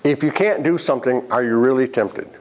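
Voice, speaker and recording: A man's voice: mid-range voice, a little fast. A man leading a Bible study class, asking the group questions and making joking asides. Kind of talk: interactive Bible lesson.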